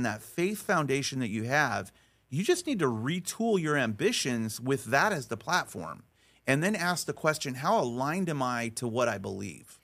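This middle-aged man speaks as a podcast guest, lively and emphatic, often restarting his sentences. He acts out the people in his stories with a voice of ordinary pitch. His manner is that of conversational storytelling. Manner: animated, acts out dialogue in stories.

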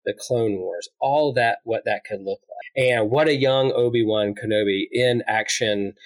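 A man in his forties chatting on a podcast as co-host, easygoing and reflective. He tells his stories at length and lets his voice sink to a quiet murmur as each thought winds down. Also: fairly low pitch, unhurried. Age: 40s. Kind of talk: casual chat.

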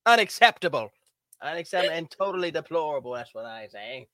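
A man's voice: fairly high pitch, expressive, fast talker, no echo, clean studio sound. A man hosting a casual podcast chat, playful and theatrical, dramatizing his stories. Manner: playful, theatrical, jumps into voices. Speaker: podcast host.

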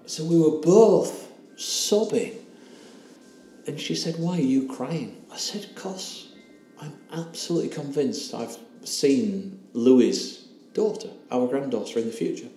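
A man in his 60s with a medium-pitched, mellow voice and lively intonation tells a personal story as an interview guest. His retelling is earnest, emotional and halting, with quoted dialogue, recorded with a roomy echo and faint background hiss.

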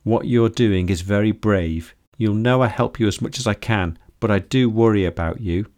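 A man voicing a gentle, motherly woman who speaks soothingly and affectionately. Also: lowish voice, normal speed, no room sound, clean studio sound, close to an everyday voice. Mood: tender.

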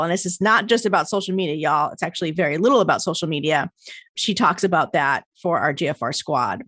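A woman's voice: fairly low pitch, no echo. American woman, podcast host, casual chat, laughs a lot, dry close sound. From United States. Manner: chatty, laughs often, swears casually. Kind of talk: casual interview.

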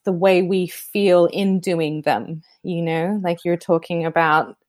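A woman's voice: fairly low pitch, slow pace, a little mellow, no room sound, studio quality. A woman hosting a podcast, speaking reflectively in a casual conversation and laughing often. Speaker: podcast host.

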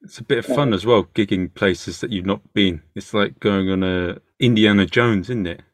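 A man's voice: lowish voice, moderate pace, no echo, studio quality. A man hosting a podcast interview, asking chatty, stumbling questions. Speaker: podcast host. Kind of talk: casual interview chat.

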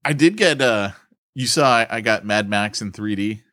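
A man's voice: lowish voice, expressive, moderate pace, fairly bright tone, dry recording, clean studio sound. A man co-hosting a podcast in casual banter, laughing and teasing. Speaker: podcast co-host.

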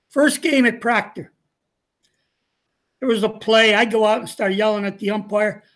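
A man's voice: sits high, steady tone, normal speed, pauses often, a bit bright. An older man spins folksy stories from his coaching days, chuckling as he goes. He slips into quoted back-and-forth dialogue and keeps the tone easygoing and conversational. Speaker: retired coach, interview guest. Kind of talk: casual storytelling.

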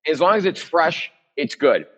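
A man's voice: a little high, sing-song, normal speed, a bit bright, slightly rough, poor audio. A man leading a live cooking demo as the chef, chatty and joking, with rambling asides.

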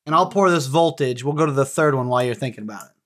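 Woman podcast host, low voice, teasing, encouraging, casual chat. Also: expressive, very fast, fairly bright tone.

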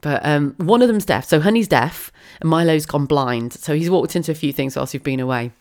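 A woman's voice: sits low, a little fast, a little mellow. A woman in her thirties with a head cold, chatting casually as a podcast host and telling stories with lots of laughs. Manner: chatty and storytelling, laughs often. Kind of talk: casual monologue.

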